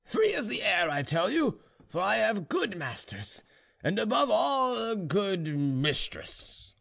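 A man's voice: high-pitched, very animated, takes it slowly, creaky, fairly bright tone, voice pushed up, exaggerated voice. Man doing a smug boastful serf. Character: boastful contented male serf, drinking brandy.

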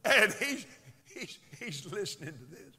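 A man preaching a sermon with a high, bright voice. His delivery is dramatic and unhurried, swinging widely from loud shouts to hushed whispers, and it echoes through a long hall reverb. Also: very animated, husky. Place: church.

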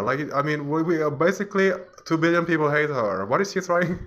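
A man's voice: a little high, expressive, fairly quick, a bit bright. Man ranting and mocking, laughing often. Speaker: vlogger. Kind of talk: casual ranting commentary while browsing.

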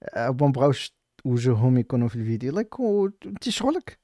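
A Moroccan-accented man rattles off reaction commentary at breakneck speed, scoffing at what he watches. His voice sits at an ordinary middle pitch and comes through close to the mic, with a dry, dead sound and no room around it. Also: sing-song, mellow, no room sound. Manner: rapid, mocking, switches between languages. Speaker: streamer reacting to a video.

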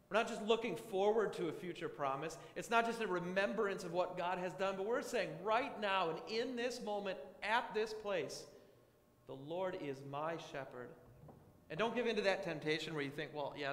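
A man preaching a sermon as guest pastor, earnest and emphatic, slowing down to stress key phrases. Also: on the high side, fairly bright tone. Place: church sanctuary. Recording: echoey church with long reverb.

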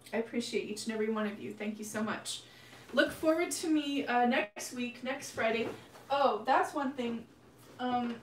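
A woman hosting a painting livestream, chatting casually and affectionately with her viewers. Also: a little high. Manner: chatty and affectionate, addresses viewers as "you guys". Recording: echoey room, mic at a distance, steady hum.

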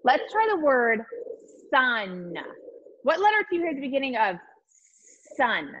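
A woman teaching a virtual lesson to young children, encouraging and sing-song, sounding out letters slowly. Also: high voice, big pitch swings, muffled recording, slight background noise. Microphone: video call.

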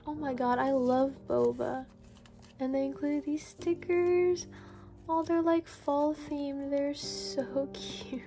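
A young woman vlogging an unboxing haul, gushing and excitable with breathy exclamations. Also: high voice, slow pace. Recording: background music.

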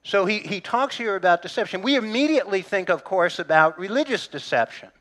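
A man's voice: high voice, animated, a little fast, fairly bright tone. A middle-aged male pastor preaching a sermon in a conversational way, with humor and asides to the congregation.

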